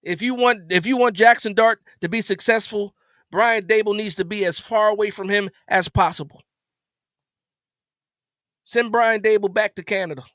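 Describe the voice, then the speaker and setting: A man's voice: high voice, a bit bright, dry recording, studio quality. A man hosting a live post-game reaction stream, upset and stammering with repeated words as he vents. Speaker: sports stream host.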